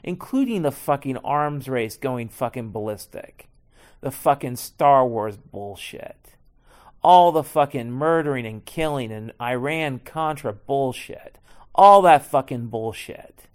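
A man's voice: mid-range voice, animated, measured pace, darkish tone. Middle-aged guy swearing through a rambling sarcastic rant, voice bouncing all over. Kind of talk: profane comedic rant.

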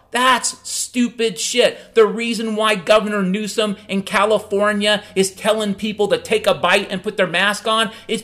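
Profane, heated man ranting, high-pitched. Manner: profane, heated, swings between shouting and low muttering. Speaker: podcast host. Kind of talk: angry political rant.

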